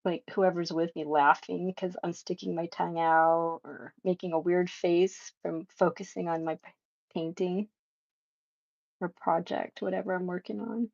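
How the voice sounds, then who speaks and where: Her voice sits on the low side, steady and creaky, moving at normal speed over dull audio. She's a middle-aged livestream painting host who chats casually, reads viewer messages out loud, and laughs a lot with warmth and emotion.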